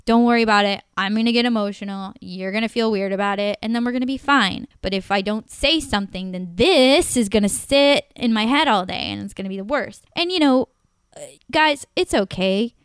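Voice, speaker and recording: A woman with a smooth, clear voice recounting a personal dating story on a podcast. She speaks emotionally and with animation, cursing freely. The recording is dry and close to the mic. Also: medium pitch, a little fast, no echo. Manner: emotional, animated retelling, swears often. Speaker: podcast guest.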